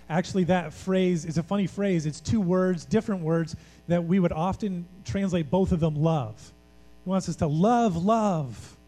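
High-voiced man preaching in a reverberant hall. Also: mellow. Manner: earnest, repetitive emphasis, acts out quoted voices. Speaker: pastor. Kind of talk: sermon.

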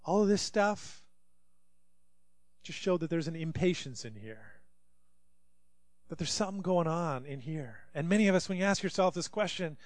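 A young man preaching a sermon as a pastor, telling stories with big swings from hushed to loud. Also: on the high side, measured pace, long pauses, no echo. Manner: animated storytelling, swinging from quiet to loud.

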